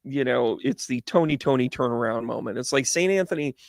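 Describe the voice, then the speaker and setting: A man with a gravelly edge to his mid-range voice spins an animated, tangent-filled anecdote. The recording is dry and close, with no room sound. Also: medium pitch, fairly quick, no echo. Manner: animated, tangent-prone, jokey. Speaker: psychic medium and host. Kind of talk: rambling storytelling monologue.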